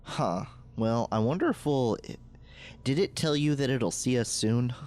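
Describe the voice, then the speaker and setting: A man's voice: mid-range voice, expressive, a little slow, a little mellow. A man casually chatting as a player in a tabletop game, earnest and musing.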